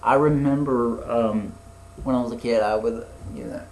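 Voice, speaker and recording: A man's voice: mid-range voice, steady tone, normal speed, echoey room, slight background noise, rough recording. A young man chatting casually as a podcast co-host, rambling with lots of fillers, restarts and swearing. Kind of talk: casual chat.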